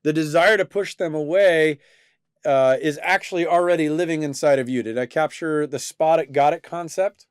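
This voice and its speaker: A man with a fairly high, smooth and resonant voice hosts a faith-based discussion show. He talks earnestly and thoughtfully, often restarting his sentences. The sound is dry and close to the mic. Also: normal speed, dry recording. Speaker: host.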